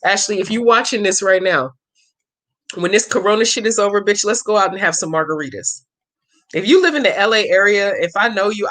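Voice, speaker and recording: A woman's voice: mid-range voice, a bit bright. A woman hosting a question-and-answer vlog, chatting in a blunt, profane way and telling stories full of examples. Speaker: channel host answering viewer questions. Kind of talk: casual vlog talk.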